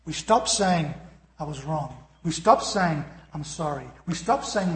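A man with a high voice preaches to his congregation, earnest and direct. He slips into quoted voices to make his points. The sound rings with the echo of a large hall. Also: expressive, a little slow. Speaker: pastor. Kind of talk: sermon.

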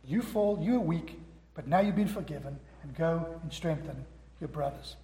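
A man's voice: fairly high pitch, expressive, normal speed, dark tone. A man preaching a sermon to a congregation, emphatic and acting out the quoted dialogue in his own voice. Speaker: pastor. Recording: echoey hall.

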